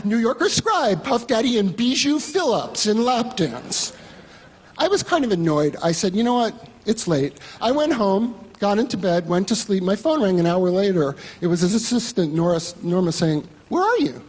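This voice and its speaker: Man, live storytelling on stage, husky, wry and profane, very lively intonation. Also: high voice, normal speed, big-room sound. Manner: wry, profane, self-mocking. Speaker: magazine writer telling a story on stage.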